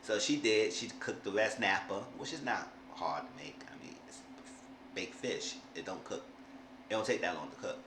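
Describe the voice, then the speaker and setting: Male recap vlogger, deepish, rambling delivery, echoey room. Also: animated, moderate pace. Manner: rambling, with frequent restarts. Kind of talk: casual episode recap. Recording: roomy room with faint hiss.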